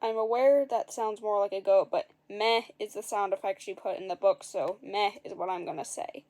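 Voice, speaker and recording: A woman's voice: medium pitch, steady tone, normal speed, a little mellow. A woman reading a storybook aloud in a casual way, adding wry, dry asides and fixing her own slips as she goes. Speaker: narrator.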